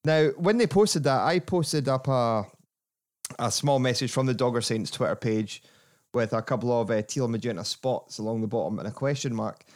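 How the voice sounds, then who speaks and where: A man hosting a casual football podcast, chatty and quick to laugh. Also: medium pitch. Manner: chatty, laughing, animated asides. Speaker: podcast host.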